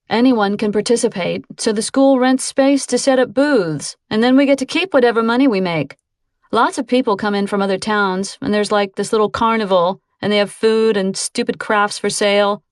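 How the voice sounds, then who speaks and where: A woman's voice: medium pitch, normal speed, dry recording, studio quality, lightly acted. A woman reading an audiobook voices a bored, exasperated teenage girl in a raised, whiny voice.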